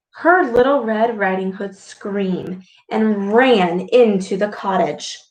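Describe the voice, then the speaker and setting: A woman reading a storybook aloud to children, expressive and full of gasps and exclamations. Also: fairly high pitch. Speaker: speech clinician reading to children. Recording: echoey room.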